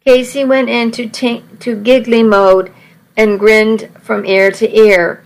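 A woman's voice: a little high, little pitch movement, slow pace, rough recording. A woman reading a first-person story aloud in a wry, conversational way. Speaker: audiobook narrator.

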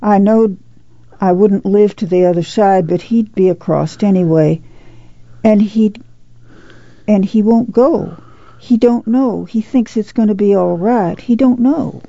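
Audiobook figure: woman reading a frail dying woman, low, soft, dark-toned. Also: measured pace, gravelly, no echo, lo-fi sound. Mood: tender.

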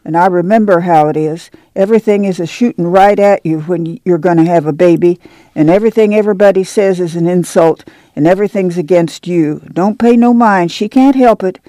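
A woman voicing a weary, steady migrant mother who talks in a soft rural dialect. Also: lowish voice, a little fast, no room sound, studio quality, natural voice. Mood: soothing, weary. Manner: soothing, firm, rural dialect. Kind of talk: dramatic book reading.

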